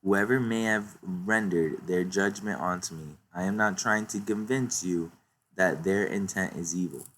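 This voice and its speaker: A man reading out the lines of a solemn old male scientist in a measured, formal way. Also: low-pitched, a bit bright, a little hiss or hum.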